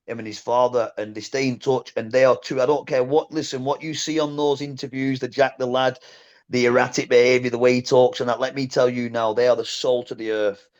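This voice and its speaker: A man, a former boxer telling stories in a casual interview, blunt and animated, often saying "mate". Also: mid-range voice, fairly quick, muffled recording. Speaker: guest, former boxer and coach.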